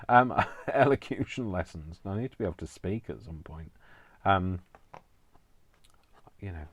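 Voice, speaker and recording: A middle-aged man from England, chatting casually and rambling to camera with many fillers and self-mocking asides. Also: deep voice. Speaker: crafting vlogger.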